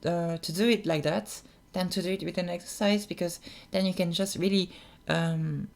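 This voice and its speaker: Hesitant soft-spoken feminine voice with fry. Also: medium pitch, fairly even intonation, normal speed. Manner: hesitant, many restarts and fillers. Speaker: voice training tutor. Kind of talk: casual voice-training tutorial.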